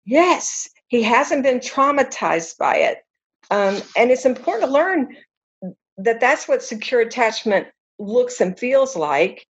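A woman's voice: on the high side, takes it slowly, muffled recording. Earnest woman counselor explaining. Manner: animated storytelling, earnest. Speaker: counselor guest. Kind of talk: conversational explanation.

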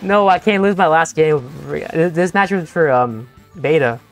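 Excitable stammering young male streamer. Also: on the high side, unhurried, soft background music. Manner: excitable, stammering, repeats himself. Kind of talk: live gameplay commentary.

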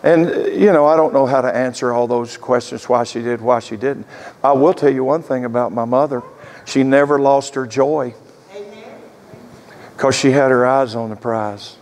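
A man's voice: mid-range voice, steady tone, normal speed, a little mellow. An older man in his sixties, a pastor preaching a sermon as an earnest storyteller. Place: church sanctuary. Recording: echoey church hall.

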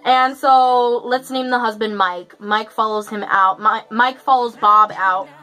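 Bright-voiced young woman telling a story. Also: on the high side, steady tone, measured pace, soft background music, rough recording. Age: young adult. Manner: chatty, profane, filler-heavy storytelling. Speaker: vlogger. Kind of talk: casual storytime.

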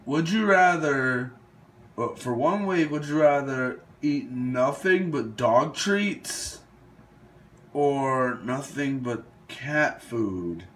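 A man's voice: mid-range voice, lively intonation, drawn-out words. A young man casually commenting while playing a would-you-rather game, thinking aloud and hesitating over his picks. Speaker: gaming video host.

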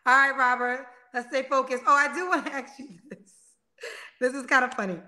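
Bright, high-voiced woman hosting a livestream. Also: fairly quick. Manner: loud, blunt and animated storytelling. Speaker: livestream host. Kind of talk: casual live-stream chat.

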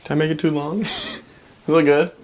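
A man's voice: fairly high pitch, flat delivery, brisk, a little mellow. A brash young man vlogging and joking around in public, swearing casually as he talks. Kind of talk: casual vlog chat.

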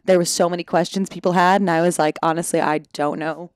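A woman's voice: fairly low pitch, fairly even intonation, fast, dry recording, clean studio sound. A woman guest on a podcast, chatting casually about acting in a film and often acting out what she and others said. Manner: chatty, self-interrupting, acts out quotes. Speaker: actor guest.

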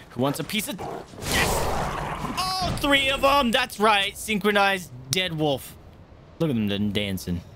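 Against a noisy background, a man with a slightly high voice streams a game and talks with viewers. He gets worked up easily, yelping and swearing at the game during his casual commentary.

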